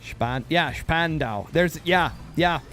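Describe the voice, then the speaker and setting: A man's voice: fairly high pitch, lively intonation, normal speed, faint music behind. A man hosting a gaming livestream, chatting casually and playfully sounding out words as he commentates.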